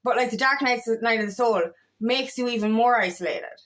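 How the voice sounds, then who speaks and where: Woman coach, high voice, candid vlog monologue, swears freely. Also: fairly quick, a bit bright. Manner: frank and profane, tells stories with self-quotes. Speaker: feminine empowerment coach. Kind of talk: casual confessional vlog monologue.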